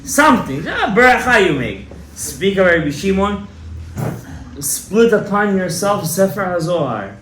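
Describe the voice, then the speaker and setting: A man giving a Torah class to a small audience, emphatic and exhorting, often rising to loud, fervent urging. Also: high voice, big pitch swings, a little slow. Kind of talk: animated Torah lecture to a live audience. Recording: echoey room, faint room noise.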